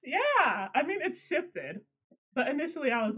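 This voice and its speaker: Animated woman swearing in casual chat. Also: high voice, moderate pace, poor audio. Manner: animated, laughs often, swears when riled. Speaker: podcast co-host.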